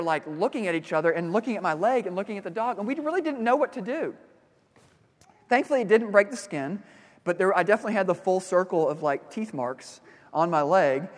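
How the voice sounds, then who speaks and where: A man preaching a sermon as pastor, telling a personal story in a relaxed, conversational way with fillers and restarts. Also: sits high, in a large hall.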